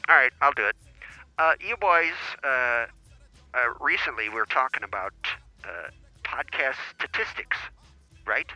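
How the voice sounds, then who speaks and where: A man's voice: mid-range voice, expressive, a little slow, pauses often, sharp tone, no echo, muffled recording, soft background music. A man calling in as a regular to a casual podcast, joking and self-mocking. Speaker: regular caller.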